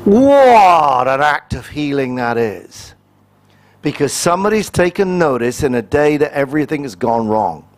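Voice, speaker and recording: High, lively man preaching. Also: measured pace. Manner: conversational and humorous, acting out little quoted exchanges. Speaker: pastor. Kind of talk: sermon.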